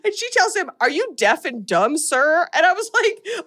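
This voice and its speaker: A woman's voice: very high voice, very animated, moderate pace, bright, forceful tone. A woman hosting a podcast, recapping a horror movie in casual chat and laughing often as she retells scenes. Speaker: podcast host.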